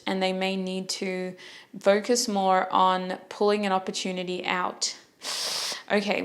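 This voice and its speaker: Woman with a gravelly fry, reading tarot. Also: mid-range voice. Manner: chatty, jokey, self-interrupting. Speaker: tarot reader.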